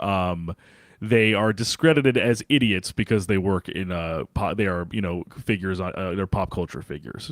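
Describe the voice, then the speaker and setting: A man's voice: fairly low pitch, no room sound, studio quality. A man co-hosting a sports podcast in casual chat, rambling with many fillers and restarts. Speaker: podcast co-host.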